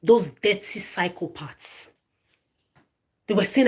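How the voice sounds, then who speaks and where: A woman vlogger with a medium-pitched, animated voice at normal speed rants angrily straight to her phone camera. She swears frequently, stammers, and repeats words and phrases.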